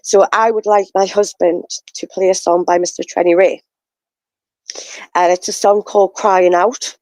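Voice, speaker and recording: A woman's voice: on the low side, steady tone, moderate pace, darkish tone, no room sound, low-quality recording. A woman hosting a live talk show, speaking earnestly and repeating her warnings. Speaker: host.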